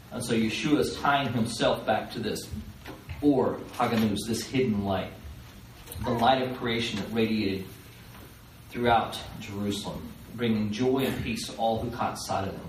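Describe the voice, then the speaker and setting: A man teaching a live seminar, animated, acting out the voices of the people in his stories. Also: medium pitch, slight background noise. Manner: animated, acts out quoted voices. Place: fellowship hall, live. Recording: roomy live recording from far off.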